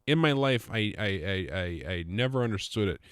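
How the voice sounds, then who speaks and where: A man's voice: on the low side, lively intonation, normal speed, a bit bright, clear, resonant tone, dry recording, studio quality. A man hosting his own podcast, chatting in a rambling, joking way and often cutting himself off mid-sentence. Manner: rambling, self-interrupting, joking. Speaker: podcast host. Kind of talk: casual solo podcast monologue.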